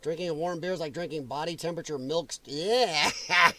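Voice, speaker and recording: High-pitched, heated ranting man. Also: moderate pace, sharp tone, no room sound. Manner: heated, sarcastic, mocking. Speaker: political commentary host. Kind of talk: livestream rant.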